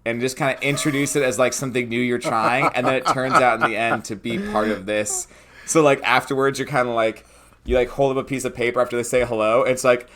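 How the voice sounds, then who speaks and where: A man's voice: mid-range voice, steady tone, brisk, fairly bright tone, slight background noise. A young man co-hosting a tabletop game podcast in casual chat. He rambles, full of fillers, talking his ideas out as they come. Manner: rambling, filler-heavy, talks it out. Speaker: podcast co-host, game master.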